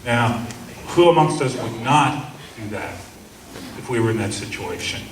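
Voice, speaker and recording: A man's voice: medium pitch, lively intonation, measured pace. Earnest man speaking in an echoey room. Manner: earnest, acts out quoted officers. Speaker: seminar speaker. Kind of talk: storytelling talk to an audience. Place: seminar room. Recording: roomy, distant mic, faint hum.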